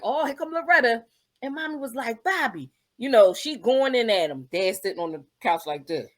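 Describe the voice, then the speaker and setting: A woman co-hosting a casual family talk show, telling a story with lively put-on voices for her relatives, speaking over a video call. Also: on the high side, fairly quick, no echo, studio quality. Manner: animated, acts out family members' voices while telling a story. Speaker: podcast co-host. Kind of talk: casual storytelling among siblings.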